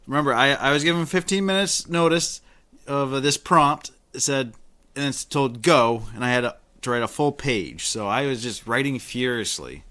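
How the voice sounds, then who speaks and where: A man's voice: mid-range voice, moderate pace, pushed and bright. A young man co-hosting a podcast, playful and joking in casual banter. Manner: playful, joking threats, laughs easily. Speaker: podcast co-host and contestant.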